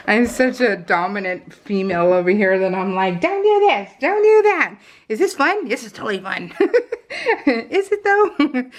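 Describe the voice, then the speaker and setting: A middle-aged woman chatting casually in a voice-over about her family, self-deprecating and laughing often. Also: medium pitch. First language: English. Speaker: scrapbooking vlogger. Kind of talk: casual voice-over while crafting.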